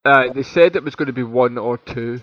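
A man's voice: mid-range voice, fairly quick, no room sound. Chatty man, dull dry recording. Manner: animated, chatty, lots of restarts. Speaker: podcast co-host. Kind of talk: casual chat.

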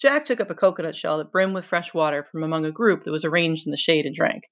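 A woman's voice: deep voice, quick pace. Casting note: woman teacher, reads aloud, stops to explain conversationally. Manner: conversational, explains with rhetorical questions. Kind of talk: reading a novel aloud with commentary.

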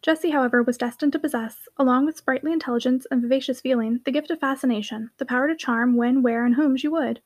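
Brisk high-voiced woman narrator. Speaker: audiobook narrator. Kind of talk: scripted narration.

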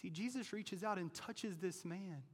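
A fairly high-voiced man preaching a sermon to a church. He presses hard on his key lines and then drops to near-hushed tones. The sound carries a long reverb from a big hall. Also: measured pace. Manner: emphatic preaching, voice rising to near shouts and dropping low. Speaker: pastor. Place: church sanctuary.

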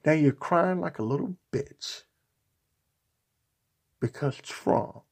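A man's voice: on the high side, slow pace, gravelly, darkish tone, husky. A man delivering a sarcastic, mocking opinion rant on a vlog, hammering his points with repetition and insults. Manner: repetitive, emphatic rhetoric. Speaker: political commentator.

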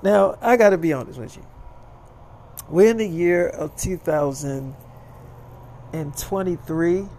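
A man's voice: on the high side, a little slow, pauses often, darkish tone, a little hiss or hum. A man telling a story in a casual, rambling way, leaning on loose fillers.

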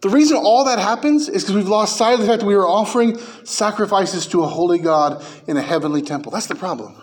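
A man preaching a sermon as pastor, emphatic, with his pitch and volume rising and falling. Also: expressive, fast.

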